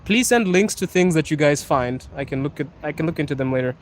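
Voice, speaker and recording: A man's voice: fairly high pitch, animated, fast talker. Playful young man streaming from a noisy street. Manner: laid-back, playful, reads chat comments aloud and laughs often. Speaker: livestream host. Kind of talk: casual live-stream chat. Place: outdoors on a city street. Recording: street traffic noise behind.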